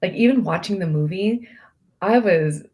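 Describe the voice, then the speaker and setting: A woman's voice: on the low side, normal speed, dark tone. A woman coach in a casual group discussion, speaking thoughtfully with hesitant restarts.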